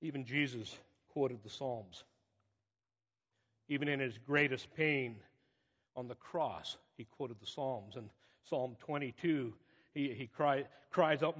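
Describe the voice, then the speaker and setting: A man's voice: mid-range voice, slow pace, slightly rough. Preaching man in a reverberant hall. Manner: preaches with swells of emphasis, dropping to quiet asides. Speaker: pastor. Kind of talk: sermon. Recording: muffled audio with long hall reverb.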